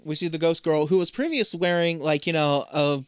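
Smooth-voiced man recapping a show. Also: on the high side, brisk, no echo, studio quality. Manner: animated storyteller acting out quotes. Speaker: podcast co-host. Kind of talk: casual chat recapping an episode.

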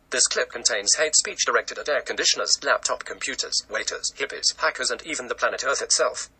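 A man reading a mock-formal warning disclaimer for a comedy show in a deadpan, official-sounding way. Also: mid-range voice, slightly rough, poor audio. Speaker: show announcer.

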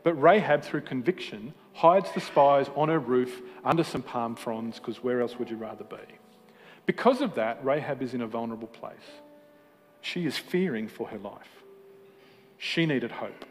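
A man preaching a sermon with passion, swinging between emphatic peaks and quiet moments, with self-deprecating humor. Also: medium pitch, expressive, moderate pace. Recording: hall reverb with faint music.

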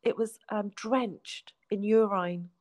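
A woman, a guest telling her life story in a heartfelt way, often falling to a soft hush. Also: mid-range voice, steady tone, slow, dry recording. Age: 40s. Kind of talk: emotional personal storytelling.

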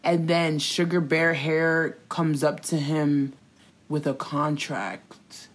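A woman telling gossip in casual chat, animated and slangy, swearing and acting out quotes. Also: deep voice, slow.

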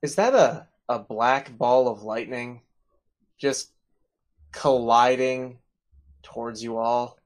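A man's voice: medium pitch, slow pace, long pauses. A man running a tabletop game as game master, narrating playfully and laughing at his own twists.

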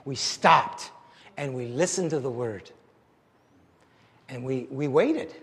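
A man preaching a sermon as pastor, animated and conversational, joking at his own expense. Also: medium pitch, slow, long reverb tail. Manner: animated and conversational, with self-deprecating jokes.

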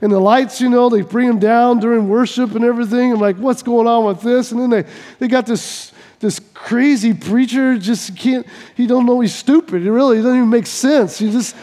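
A man's voice: extremely high pitch, moderate pace, dark tone, long reverb tail. A man voicing a complaining male church visitor who gripes and rambles in a whiny way. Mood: griping.

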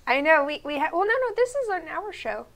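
A young woman from the American South co-hosts a casual talk show, joking and easygoing throughout. Her voice sits high. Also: sing-song, fairly quick, creaky, fairly bright tone. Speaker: co-host. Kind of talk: casual chat show banter.

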